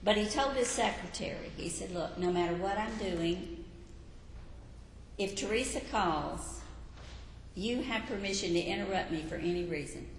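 A woman's voice: mid-range voice, moderate pace. A middle-aged woman preaching an earnest sermon to a women's gathering, telling a Bible story dramatically. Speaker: women's ministry speaker. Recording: echoey hall from afar, faint room hum.

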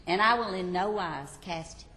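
Brief: woman voicing a calm, soft-spoken Christ, gentle and reassuring, roomy echo. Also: lowish voice, unhurried.

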